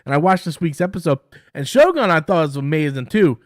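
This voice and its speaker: Man, high voice, dry close sound; halting, excitable live-stream reviewer who repeats himself. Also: no echo. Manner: halting, repeats words, enthusiastic. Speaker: show review host.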